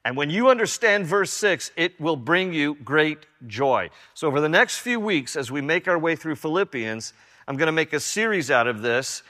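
Older man, pastor preaching, earnest repetition, bright voice, long hall reverb. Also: on the high side. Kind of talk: sermon.

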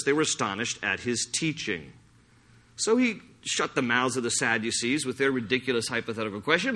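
A male pastor delivering a sermon in a lively, anecdotal way. His voice is bright and a touch high. He laughs often and restarts phrases as he talks. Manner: animated storytelling with laughs and restarts.

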